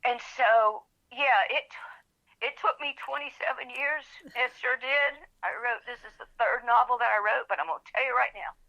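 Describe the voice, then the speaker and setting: A woman tells her story with feeling and acts out every voice in it. Her voice is bright and carries a gravelly edge. The audio sounds dull and lo-fi, like a remote recording. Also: fairly high pitch, normal speed. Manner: animated storyteller, acts out quoted voices, gets emotional. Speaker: author, podcast guest. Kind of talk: storytelling in an interview.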